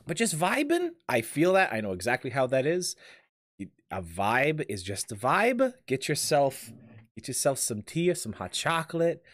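Man, live game streamer: jokey, rambling, very lively pitch. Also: normal speed, dry recording, studio quality. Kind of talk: live gameplay commentary.

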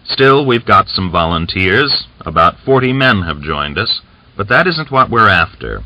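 A man's voice: sits low, sing-song, unhurried, bright, forceful tone, no echo, full character voice. A man reading aloud, voicing a scheming, boastful Cossack rebel leader who talks with coaxing, smug confidence, on a dull lo-fi recording.

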